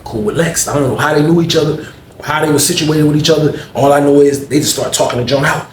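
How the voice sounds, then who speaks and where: A man telling a personal story in a casual storytime vlog, animated and profane, speaking straight to his viewers in street slang. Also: a little high, quick pace, reverberant, slight background noise.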